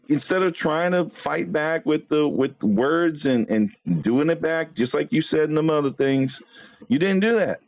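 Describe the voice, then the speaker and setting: Male livestream host, brash and mocking, very animated pitch, dry room. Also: no echo. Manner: brash, trash-talking, laughs often. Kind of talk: casual livestream chat.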